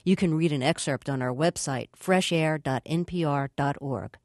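A woman interviewing a guest on radio, asking measured questions from a studio. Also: low-pitched, a little mellow, no echo.

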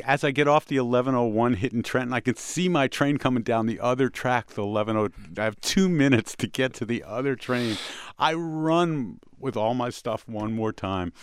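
Smooth-voiced man telling a story. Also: medium pitch, no echo, clean studio sound. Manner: animated anecdote telling with quick restarts. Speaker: radio show host. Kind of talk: casual storytelling chat.

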